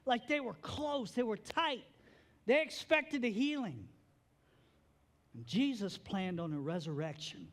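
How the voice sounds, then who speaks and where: High-voiced, animated preaching man. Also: a little slow, pauses often. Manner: animated preaching with joking asides. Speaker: pastor. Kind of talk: sermon.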